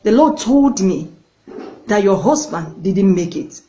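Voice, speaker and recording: A woman preacher voicing a visiting male preacher who speaks gently and reassuringly. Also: medium pitch, animated, takes it slowly. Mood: calming.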